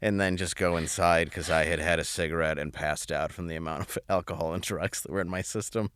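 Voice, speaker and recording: A man from Michigan with a Michigan accent, telling animated stories as a podcast guest, laughing often and acting out the voices of the people in them. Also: deep voice, fairly quick, smooth, no room sound, studio quality. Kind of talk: casual storytelling.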